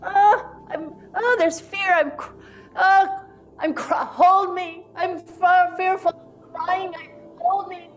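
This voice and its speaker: Newborn baby, wondering and quick to fuss, soft breathy halting talk, put on by a woman, slow pace. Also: fairly high pitch, animated, muffled recording, a little hiss or hum. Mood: frightened. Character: newborn baby, wondering, easily upset and soothed. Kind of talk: guided meditation role-play.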